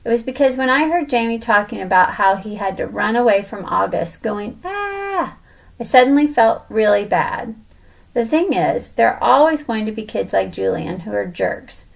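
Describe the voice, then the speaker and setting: A woman's voice: medium pitch, lively intonation, moderate pace, creaky. A woman reading a children's novel aloud in a casual first-person storytelling tone. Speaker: audiobook reader.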